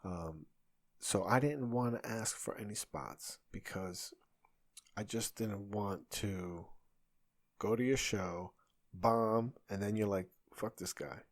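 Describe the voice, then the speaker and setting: A man in his thirties with a somewhat low voice talks alone on his podcast. As a comedian and host, he rambles casually, breaking off and restarting his sentences. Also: slow pace. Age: 30s. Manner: rambling, self-interrupting, conversational. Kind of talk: solo podcast monologue.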